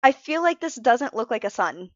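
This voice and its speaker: Tired woman streamer, casual and self-interrupting, a little higher voice, dry lo-fi mic sound. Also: sing-song, normal speed, dry recording. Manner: rambling, self-interrupting, frank about being emotional. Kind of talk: casual live-stream chat while drawing.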